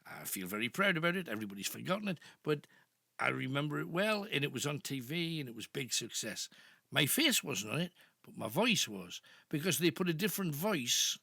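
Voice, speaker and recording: A man's voice: on the high side, sing-song, fairly quick, vocal fry, bright, forceful tone, husky, no room sound, studio quality. An older man with a Northeast English accent hosting a late-night radio phone-in, telling rambling anecdotes. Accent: Northeast English (Geordie). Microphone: studio microphone.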